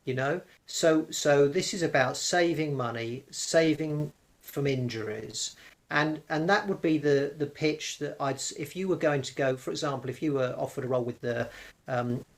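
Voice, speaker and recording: A man as a guest in a podcast interview, speaking in an animated, rhetorical way and acting out hypothetical conversations. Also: fairly high pitch, moderate pace.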